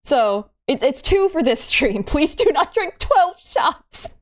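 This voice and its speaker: A high-voiced woman chatting on a game stream, her pitch bouncing all over. She is giggly and playful, laughing often. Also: very animated, takes it slowly. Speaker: streamer and host. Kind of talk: casual game stream chat.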